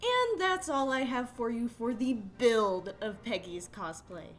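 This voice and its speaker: Chatty woman, soft music behind. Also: a little high, animated, a little slow. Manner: chatty, self-deprecating, giggly asides. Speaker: cosplay vlogger. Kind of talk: casual tutorial narration.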